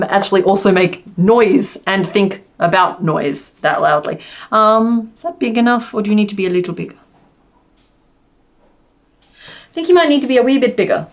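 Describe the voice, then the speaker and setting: This young crochet streamer speaks at a moderate pace with a medium-pitched, expressive voice. She laughs a lot as she chats with her live viewers, quietly counting stitches as she works.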